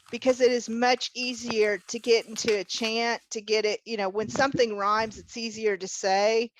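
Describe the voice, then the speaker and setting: A woman's voice: fairly high pitch, slight background noise, low-quality recording. A woman teaching a witchcraft class over a video call, patiently walking a group through a spell chant step by step. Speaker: witchcraft instructor.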